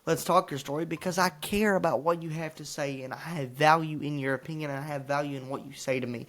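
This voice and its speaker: A young man rants straight into the camera, boastful and worked up. His voice sits a little high for a man, and he curses freely as he insists on his own talent. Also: fairly even intonation, fairly quick, fairly bright tone. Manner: frustrated, boastful, profane rant. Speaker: wrestling commentator and vlogger. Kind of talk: ranting to camera.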